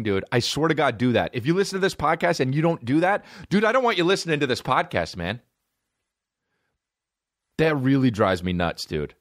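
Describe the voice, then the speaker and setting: A man in his thirties hosting a comedy podcast, ranting in a profane, animated way. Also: on the low side, no echo, clean studio sound. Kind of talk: casual comedic rant.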